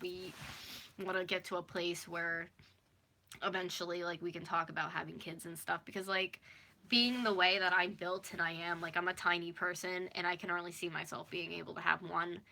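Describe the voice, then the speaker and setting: A woman's voice: fairly low pitch, sharp tone. A young woman in her early twenties from North America, chatting and rambling as she speaks openly to viewers on a live stream. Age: early 20s. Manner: chatty and rambling, with constant fillers. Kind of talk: casual, confessional live chat.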